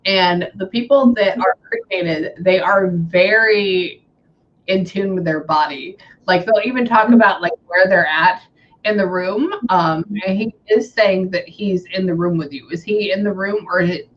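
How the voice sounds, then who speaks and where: Relaying messages in a relaxed reading session, the medium talks casually and says "hang on" again and again as she quotes what she hears. Her mid-range voice moves at a measured pace over a muffled recording with slight background noise.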